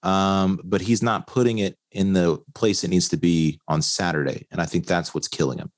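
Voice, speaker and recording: Man, very low pitch, dry sound, casual podcast chat, fillers, laughs. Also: steady tone, moderate pace, no room sound. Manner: rambling, laughs often, many fillers. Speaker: podcast co-host.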